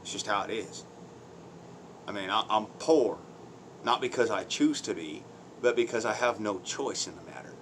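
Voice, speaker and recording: A man's voice: fairly low pitch, normal speed, pauses often, fairly bright tone, a little hiss or hum. A man ranting on his own channel in blunt, crude, mocking commentary, swearing heavily, using folksy slang and laughing between points. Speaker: vlogger.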